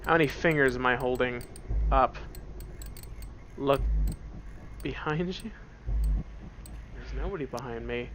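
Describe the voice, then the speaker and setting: A man's voice: mid-range voice, a little slow, pauses often, a bit bright, slight background noise. A man casually joking and rambling through commentary on a game, seated at a computer at home. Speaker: let's play gamer.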